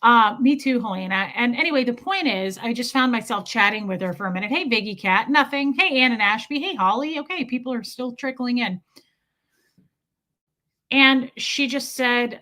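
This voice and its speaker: A woman's voice: on the high side, bright, forceful tone. A woman hosting a casual livestream, telling a rambling story and often breaking off to greet viewers in the chat. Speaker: content creator hosting a livestream.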